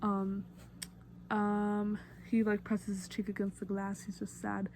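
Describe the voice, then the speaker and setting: A woman's voice: mid-range voice, monotone, takes it slowly, a little mellow, a little hiss or hum. A woman vlogger talking casually through a song breakdown, chatty and gushing like an eager fan, with many fillers. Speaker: music vlogger.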